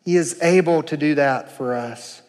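A man preaching a sermon, emphatic, moving between slow, low passages and raised, urgent ones. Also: darkish tone, big-room sound.

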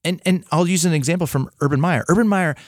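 A man in casual podcast chat about faith and sports fandom, lively and repeating words as he thinks aloud. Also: on the high side, fast talker, dry recording, studio quality.

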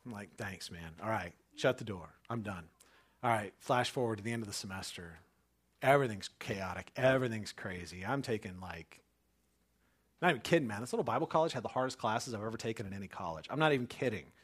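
A man's voice: lowish voice, expressive, fast talker, breathy edge. A man in his thirties, a pastor, telling a personal story in a casual way and then preaching with emphatic, building conviction.

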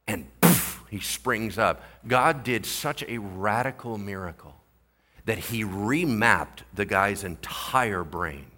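A man preaching a sermon as pastor, animated and jokey, acting out the people in the story. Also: fairly low pitch.

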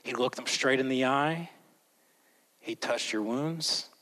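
A man preaching a sermon as a pastor, swinging between loud, emphatic lines and hushed, slow ones. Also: medium pitch, rough recording. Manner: slows down and whispers for emphasis.

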